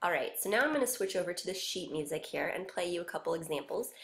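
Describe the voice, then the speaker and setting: A woman teaching a music lesson in a patient, explanatory way. Her voice sits a little low for a woman. The recording carries a noticeable roomy echo. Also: expressive, fast talker. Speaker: music instructor. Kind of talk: recorded classroom lecture.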